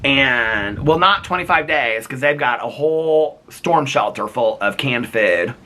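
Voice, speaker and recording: A man chatting casually in a vlog, animated and playful, laughing often, recorded outdoors in the cold. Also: mid-range voice, a little slow, a little hiss or hum. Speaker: vlogger.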